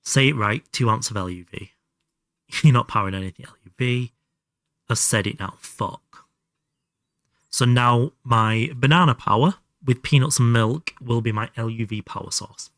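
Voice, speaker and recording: A man talks through his game on a live stream in a loose, chatty way, often mocking himself and swearing offhand. His voice sits at an average pitch for a man. The sound is close and dry with no room around it. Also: normal speed, a bit bright, no room sound. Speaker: livestreamer. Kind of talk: casual live gameplay commentary.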